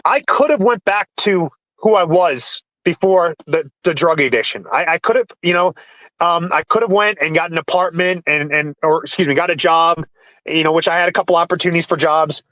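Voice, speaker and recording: Guy telling his story, high bright voice, keeps restarting, dry close sound. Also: no room sound, highs cut off. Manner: halting, many restarts and repeated words. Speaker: podcast guest. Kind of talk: candid personal storytelling.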